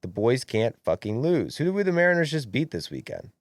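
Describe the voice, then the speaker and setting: A young man co-hosting a podcast in casual sports chat, brash and animated, swearing freely. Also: mid-range voice, fairly quick, no echo, studio quality. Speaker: podcast co-host.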